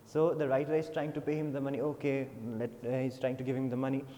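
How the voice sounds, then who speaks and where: Speaking fast at medium pitch with little pitch movement, this man has a warm tone and an Indian English accent. He reads a textbook story to an English class, then paraphrases it with many fillers. Long reverb and a little hiss or hum are audible.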